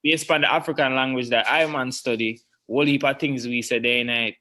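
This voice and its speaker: A man's voice: medium pitch, fairly even intonation, fairly quick, sharp tone. A man hosting a casual chat, hesitant and restarting his phrases. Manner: hesitant, many fillers and restarts. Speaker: host.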